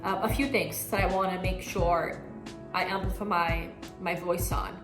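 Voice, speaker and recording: A woman's voice: fairly low pitch, fairly even intonation, moderate pace. Candid woman vlogging in an echoey room. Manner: candid and outspoken, emotional. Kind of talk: personal year-recap monologue. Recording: echoey room with music underneath.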